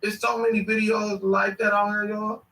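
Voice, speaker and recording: A man's voice: high-pitched, level tone, normal speed, sharp tone. A man casually reacting to clips on a stream, rambling and slangy with sudden bursts of laughter. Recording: echoey room, mic at a distance.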